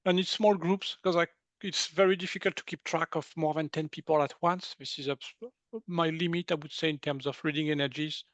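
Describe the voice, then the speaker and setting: A man with a French accent, a guest in an interview, talking in an animated, casual way and often laughing. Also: on the high side, brisk, dry recording. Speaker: guest, medical intuitive.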